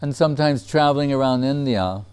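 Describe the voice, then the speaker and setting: A man telling a personal memory in casual storytelling, relaxed, laughing often and acting out what others said. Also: mid-range voice, fairly quick, clean tone.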